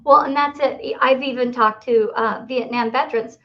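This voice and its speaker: A woman's voice: high voice, steady tone, normal speed. An older woman hosting an interview show, speaking in an earnest, heartfelt way. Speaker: host. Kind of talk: casual interview chat. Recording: dull lo-fi recording.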